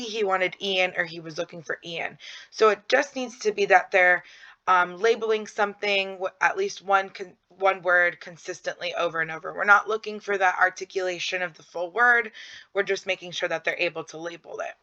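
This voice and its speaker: A woman's voice: lowish voice, moderate pace, bright, forceful tone. A woman narrating a slideshow lesson on early child development, explaining with frequent ums and acting out simple prompts to a child. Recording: dull lo-fi audio.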